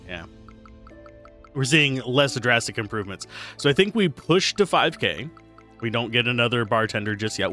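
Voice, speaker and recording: A man's voice: medium pitch, a bit bright. A young man giving casual gameplay commentary, musing and analytical as he thinks aloud. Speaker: game reviewer, let's player.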